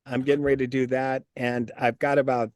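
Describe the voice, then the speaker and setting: A man in a casual interview, telling stories in an animated, profane way and repeating his words. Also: mid-range voice, a little fast, no room sound, studio quality. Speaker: interview guest.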